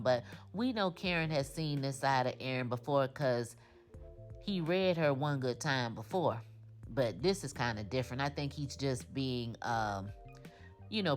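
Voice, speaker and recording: A woman hosting a casual TV episode recap, chatty and opinionated, talking straight to her viewers. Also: extremely low pitch. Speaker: TV recap host.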